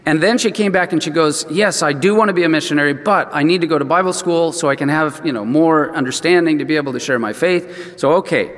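An older man preaching in a church with a slightly high voice. He tells the story in an easy, conversational way and lively acts out the people he quotes. His voice rings with the long reverb of a big hall. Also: quick pace, hardly any pauses. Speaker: pastor. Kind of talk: sermon storytelling.

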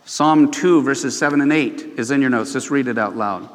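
Expressive male pastor in a reverberant hall. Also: normal speed. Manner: expressive preaching, swells in pitch and volume when reading scripture. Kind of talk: sermon.

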